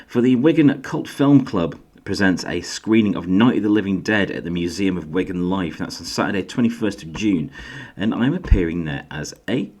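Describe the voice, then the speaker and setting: A middle-aged man with a faded Yorkshire accent hosts his own video channel in a loose, chatty way. He pokes fun at himself now and then, and his low voice jumps up sharply in pitch when he gets excited. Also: moderate pace. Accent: faded Yorkshire English. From Yorkshire, England. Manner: chatty, self-deprecating, lively pitch jumps. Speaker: YouTube host and author. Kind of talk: casual solo vlog.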